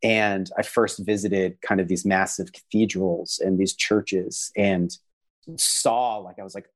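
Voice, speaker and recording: A man who is a visual artist and person of faith speaks as a guest in a casual conversational interview, earnest and reflective, often searching for words and saying "like" a lot. His voice is on the low side, at a measured pace.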